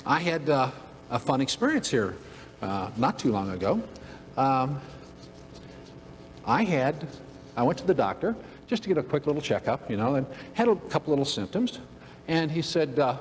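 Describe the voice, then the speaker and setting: A man's voice: medium pitch, animated, fairly quick. A man giving a humorous motivational talk to an audience, telling folksy stories. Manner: folksy, joking, acts out characters. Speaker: motivational speaker. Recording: long hall reverb, faint ambience.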